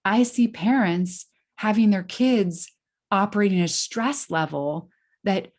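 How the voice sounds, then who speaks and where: A woman's voice: mid-range voice, takes it slowly, a little mellow. A woman guest on a podcast, giving parenting advice in an earnest, explanatory way with frequent fillers and restarts. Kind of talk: conversational interview answer.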